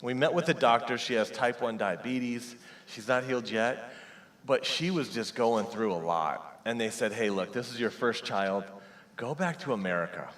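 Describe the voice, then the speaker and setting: Pastor preaching in a reverberant hall. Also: male voice, medium pitch, lively intonation, normal speed, fairly bright tone. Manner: personal storytelling, acts out quoted prayers and dialogue. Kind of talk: sermon. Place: church sanctuary.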